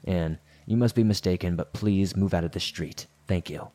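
A man's voice: sits low, moderate pace, mellow, close to an everyday voice. A man doing a stern father at the wheel. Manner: clipped, firm politeness on edge. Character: stern father warning a stranger off his car.

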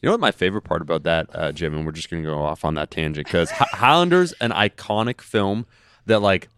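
A man's voice: sits low, expressive, fast, fairly bright tone, clean tone, no room sound. A man in casual chat, talking in long rambling runs full of fillers and restarts.

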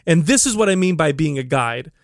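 Fairly high-voiced man explaining earnestly. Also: expressive, brisk, no room sound, clean studio sound. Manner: earnest, explanatory, many restarts. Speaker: podcast co-host and trainer. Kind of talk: casual podcast chat.

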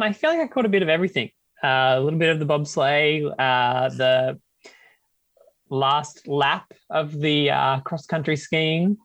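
A male co-host in an easygoing online chat who rambles on, filling gaps with ums and uhs. He has a middle pitch, and the sound is dry with no room echo. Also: fairly bright tone. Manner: rambling lists with many fillers. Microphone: video call.

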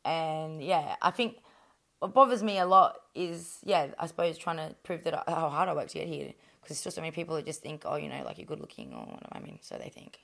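An Australian woman in her thirties with a fairly low voice speaks candidly in an interview. Her talk is blunt and salty, full of swearing, fillers and quick restarts. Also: sing-song, creaky, fairly bright tone. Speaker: boxer, interview guest.

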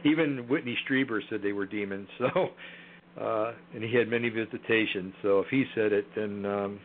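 A man's voice: fairly low pitch, moderate pace, slight background noise. A man guest in a casual interview, talking hesitantly with many fillers and restarts. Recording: tinny phone line.

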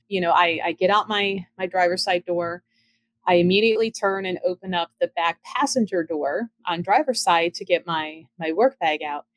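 A middle-aged woman casually telling ghost stories from her own home, chatty and lively, acting out the voices of the people in her story. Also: lowish voice, no echo. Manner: chatty, animated, acts out quoted dialogue. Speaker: storyteller recounting ghost encounters.

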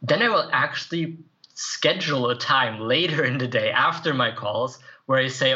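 Guy on a podcast explaining his routine, earnest, kinda bright tone, a bit lo-fi. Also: medium pitch, normal speed. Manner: earnest, reflective, with light laughs and fillers. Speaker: podcast guest, self-improvement writer and coach. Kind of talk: conversational interview answers.

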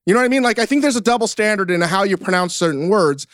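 A rambling, self-mocking American man hosting a podcast with casual swearing. His voice sits high, recorded close and dry. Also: expressive, fast talker, fairly bright tone, no echo. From United States. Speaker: podcast host. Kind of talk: casual chat.

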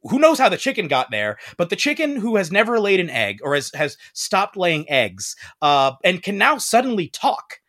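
A man hosting a podcast, telling a story in a casual chat and acting out the quoted lines in high voices. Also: wildly swooping pitch, moderate pace, hardly any pauses, a bit bright. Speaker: podcast host.

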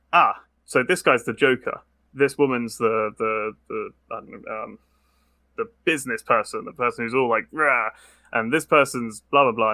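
Animated British man, bright dry voice. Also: mid-range voice, dry recording. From Britain. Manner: quick, animated, acts out quotes. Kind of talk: casual podcast chat.

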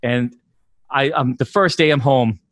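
A man's voice: medium pitch, measured pace, a bit bright, dry recording, clean studio sound. A man with a Boston accent rambling through stories in a casual podcast chat, swearing freely and laughing often. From Boston area, USA. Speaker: drummer telling tour stories.

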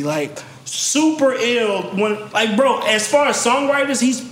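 A man from Virginia telling animated stories in casual chat, acting out other people's voices as he goes. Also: very high-pitched, a little slow, reverberant, a little hiss or hum. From Virginia, USA. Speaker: podcast guest songwriter telling stories.

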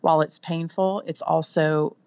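Texan woman, low voice, warm chatty interviewee, dull recording. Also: steady tone, unhurried, clear, resonant tone. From Texas Panhandle. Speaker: guest author. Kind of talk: casual interview chat.

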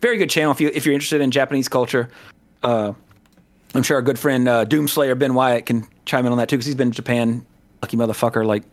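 A man's voice: medium pitch, fairly even intonation, fast. A man from the American South in casual podcast chat, rambling with many fillers, restarts and asides. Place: Southern California.

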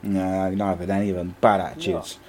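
A man with a fairly low voice hosts a loose, chatty football podcast. He rattles off player names and reads listener comments aloud in an easygoing way. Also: little pitch movement, fast talker, a little mellow, slight background noise. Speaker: podcast host. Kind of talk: casual football chat.

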